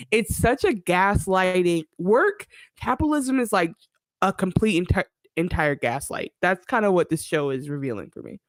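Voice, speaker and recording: A woman's voice: fairly low pitch, no echo, clean studio sound. A woman co-hosting a casual TV recap podcast, laughing often and giving her opinions on the scenes. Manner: chatty, laughs often, gives opinions and acts out lines. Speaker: podcast co-host.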